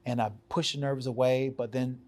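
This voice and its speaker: A man's voice: medium pitch, fairly even intonation, moderate pace, darkish tone. A man, a fighter guest, telling a story in an interview, acting out quotes and laughing often.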